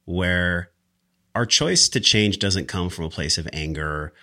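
Deep, bright-toned man hosting a podcast. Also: slow pace. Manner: reflective, motivational. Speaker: podcast host. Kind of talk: casual podcast conversation.

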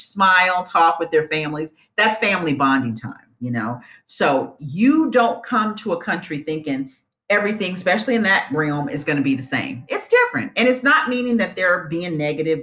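A woman from the United States giving earnest, animated advice to camera, repeating her points for emphasis. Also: fairly low pitch. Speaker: vlogger giving advice on moving abroad. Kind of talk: casual advice talk to camera.

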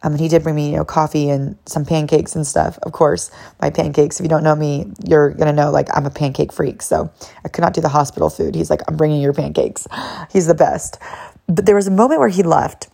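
A woman's voice: sits low, steady tone, fairly quick, vocal fry, mellow. A woman hosting a personal faith podcast, talking candidly and reflectively, with frequent "like"s and bursts of laughter. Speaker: podcast host.

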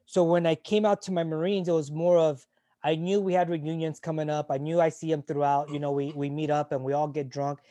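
A man in his forties speaks openly as an interview guest, in a voice a touch higher than most men's but dark and mellow in tone. He swears freely, falters and restarts often, and the sound is close and dry. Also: level tone, dry recording. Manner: frank and emotional, swears freely, halting restarts. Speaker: interview guest, retired Navy corpsman. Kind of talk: candid conversational storytelling.

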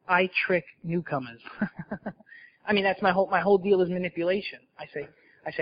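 Speaking to a recovery meeting, this New Jersey man tells his personal story candidly, poking fun at himself along the way. He has a high-pitched voice with fairly even intonation, a normal pace and long pauses. The highs are cut off in the audio.

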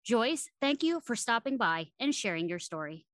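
Lively woman podcast host. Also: a little high, moderate pace, no echo, clean studio sound. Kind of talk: scripted podcast introduction and interview questions.

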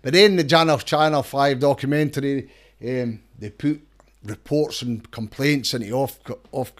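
This is a middle-aged man with a broad Scottish accent, speaking at an ordinary mid pitch. He talks in a casual, emphatic way, pressing each point hard. He often restarts his sentences and repeats words as he goes. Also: moderate pace. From Scotland. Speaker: campaigner and lawyer, interview guest. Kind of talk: casual interview talk.

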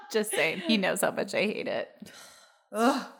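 A woman's voice: on the high side, wildly swooping pitch, slow pace, gravelly, fairly bright tone. A young woman co-hosting a podcast in casual chat, laughing often and swearing freely. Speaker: podcast co-host.

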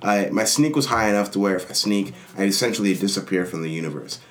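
A man chatting casually about a video game, telling stories with lively energy and acting out characters in funny voices. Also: low voice, fast talker. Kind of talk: casual gaming chat.

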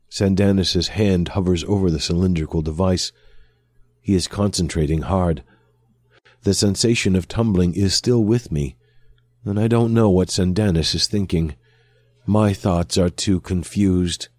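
A man reading a science fiction story aloud as narrator in a slow, even storytelling manner. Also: sits low, no room sound. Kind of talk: scripted audiobook narration.

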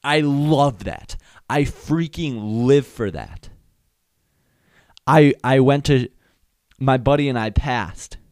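A man's voice: medium pitch, slow, pauses often, a little mellow, no echo, clean studio sound. A young man hosting a solo podcast, telling comedic stories and acting out voices and sound effects. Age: young adult. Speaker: podcast host.

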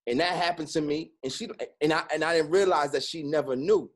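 A man's voice: fairly high pitch, a little fast. Profane streetwise man telling his story. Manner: streetwise, profane, frequent "you know what I'm saying". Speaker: interview guest. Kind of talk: candid personal interview.

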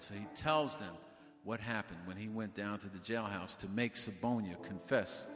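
Homme qui raconte une histoire sur scène, ton décontracté et plaisantin, réverbération de salle, musique discrète. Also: male voice, fairly low pitch, moderate pace. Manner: casual, joking, with many fillers and restarts. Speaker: author and bandleader. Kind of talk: storytelling to a live audience. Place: stage in a library event hall. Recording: live stage mic in a hall with music.

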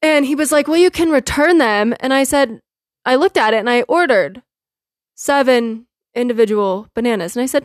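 Woman podcast host, fairly high voice, lively anecdote-telling, dry close mic. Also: normal speed, no room sound. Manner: animated, laughing often, quotes herself and others. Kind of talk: casual storytelling monologue.

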